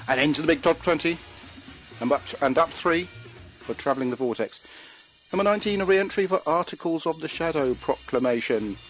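A man's voice: a little high, animated, fairly quick, fairly bright tone, rough recording. A man hosts a casual podcast chat, reading out a chart in a jokey way and laughing easily. He stumbles over words now and then. Faint music plays under his voice.

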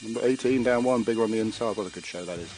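A man's voice: lowish voice, very fast, darkish tone, poor audio. A man hosts a casual podcast chat, reading out a chart in a jokey way and laughing easily. He stumbles over words now and then. Faint music plays under his voice.

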